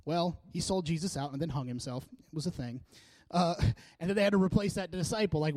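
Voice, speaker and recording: A man's voice: a little high, fairly quick, no echo. A male pastor preaching a sermon in a casual, joking, fervent way, urging his congregation on. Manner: casual, joking and energetic, with frequent laughs.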